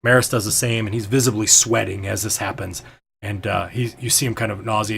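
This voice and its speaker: A man's voice: lowish voice, steady tone, brisk, vocal fry. A man narrating as game master of a tabletop game, hesitant and full of ums and restarts.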